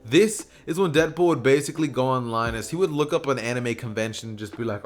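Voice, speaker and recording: A man's voice: medium pitch, expressive, fast talker, hardly any pauses, faint music behind. Rambling casual guy narrating a fan story. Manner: rambling, filler-heavy, self-correcting. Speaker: YouTube storyteller.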